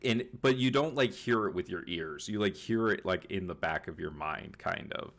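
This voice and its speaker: A man's voice: deep voice, animated, normal speed, a bit bright. A man narrating a tabletop game as game master, rambling with many fillers, on a home computer mic.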